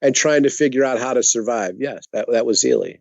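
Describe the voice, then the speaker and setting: A man's voice: mid-range voice, a little fast, a little mellow, no echo, highs cut off. A man chatting casually as a podcast guest. He tells stories bluntly, swears, and repeats words for emphasis. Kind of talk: casual storytelling chat.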